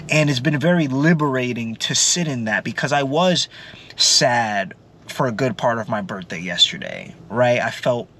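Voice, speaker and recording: A man's voice: mid-range voice, bright, forceful tone, a little hiss or hum. Earnest young man reflecting on feelings. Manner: earnest, candid, often adds "right?". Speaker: vlogger. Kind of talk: reflective personal vlog.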